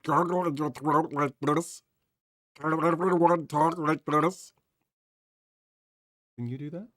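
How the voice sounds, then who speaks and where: A man's voice: a little high, fairly even intonation, slow, dry recording, studio quality, voice pushed up. A man putting on a gargly underwater voice as a zombie cheerleader, vibrating the back of his tongue. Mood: gargling playful. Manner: loud, throaty, playful.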